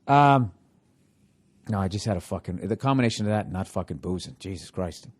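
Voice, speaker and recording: A man hosting a podcast, ranting comically about his house with constant swearing and rhetorical questions, swinging between loud outbursts and low muttering. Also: brisk. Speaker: podcast host. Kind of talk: profane comedic rant.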